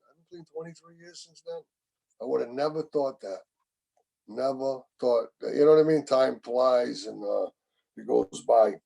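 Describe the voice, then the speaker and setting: In a slightly high voice with vocal fry and a darkish tone, a man in his sixties shares his recovery story as main speaker at a meeting held over video call. He's frank and rambling, swearing often and tossing in "you know what I mean" again and again.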